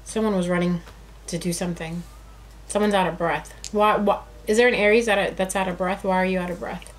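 A woman's voice: mid-range voice, normal speed, slight background noise. A woman giving a casual, chatty tarot reading who talks to her cards and addresses her viewers directly. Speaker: tarot reader.

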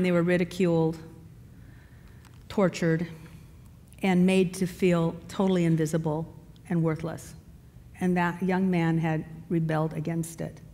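A woman's voice: on the low side, warm tone. Woman minister preaching in a big echoing hall. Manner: storytelling, conversational with asides to the congregation. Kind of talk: sermon. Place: church sanctuary. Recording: long reverb in a large hall.

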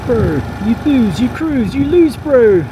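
A man putting on a New Zealand accent, reading road-safety signs in a sing-song, hammy, shouty voice. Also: very high voice, sing-song, takes it slowly, noisy background, pitched above the performer's own voice, heavily acted. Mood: playful. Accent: put-on New Zealand.

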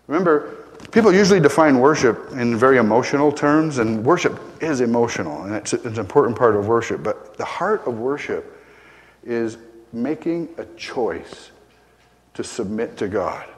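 An older man preaching a conversational sermon, often asking "right?", building to emphatic peaks and then dropping quiet. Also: medium pitch. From Arizona. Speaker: pastor. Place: church sanctuary. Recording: long hall reverb.

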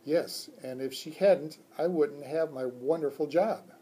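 A man playing a kind woman teacher in a storybook, gentle and friendly. His voice is slow and mellow. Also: fairly high pitch, breathy edge. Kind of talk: children's book read-aloud.

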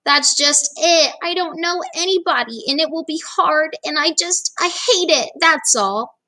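A woman reading aloud, voicing an anxious woman who dreads her new school in a whiny, drawn-out way. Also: high-pitched, bright, forceful tone, voice pushed up. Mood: sulky.

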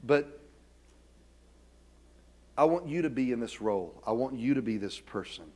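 In a sermon delivered as pastor, a middle-aged man uses self-deprecating humor, moving from quiet asides to loud, emphatic calls. His medium-pitched voice has lively intonation and a moderate pace.

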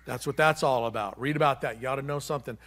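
A man preaching a sermon as pastor, emphatic and repeating key phrases, swinging between loud and hushed delivery. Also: medium pitch, quick pace.

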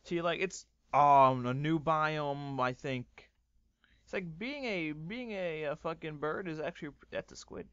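Excitable swearing gamer guy, ranting. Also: on the high side, measured pace, clear, resonant tone, no room sound, highs cut off. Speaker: gaming YouTuber. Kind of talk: Minecraft let's play commentary.

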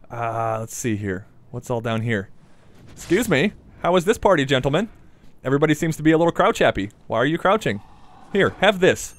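A man with a sing-song voice on the high side briskly commentates his own let's-play gameplay. He's playful and casual, chatting to the enemies and swearing now and then.

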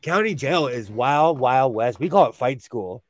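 A man from California, hosting a live sewing show and chatting in an animated, gossipy way, telling stories and laughing often. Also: medium pitch, measured pace, dry recording, studio quality. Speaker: host. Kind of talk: casual chat.

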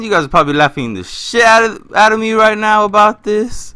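A man's voice: mid-range voice, expressive, fairly quick, hardly any pauses, sharp tone, clear, resonant tone, dry recording. A man doing let's-play commentary on a horror game, jumpy and cursing, talking to his viewers and to the game. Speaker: gaming channel host.

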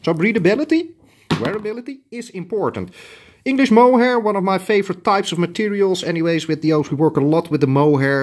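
A man's voice: on the high side, a little mellow. A middle-aged man with a Dutch accent, a tailoring shop owner chatting bluntly as he shows fabrics to the camera. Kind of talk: casual product showcase.

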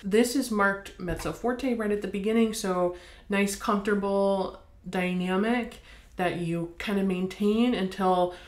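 An American woman teaching bassoon, explaining in a friendly way and counting beats aloud. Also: fairly even intonation, a little slow. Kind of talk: instructional demonstration. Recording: echoey room.

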